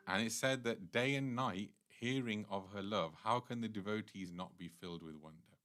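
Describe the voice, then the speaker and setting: A man with a deep, low voice leads a devotional class. He earnestly retells scripture stories at length in the unhurried way of a temple teacher. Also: a bit bright.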